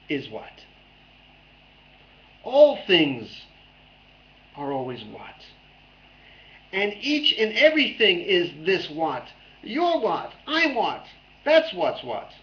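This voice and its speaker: A man's voice: on the high side, fairly bright tone, muffled recording, a little hiss or hum. A man giving a playful dharma talk as a Zen teacher, repeating phrases back and forth.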